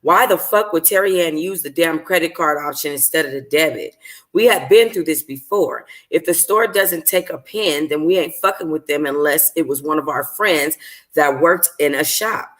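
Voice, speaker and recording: A woman's voice: sits low, normal speed. A woman reading a novel aloud for a book club, casual and profane, stopping to apologize for slips.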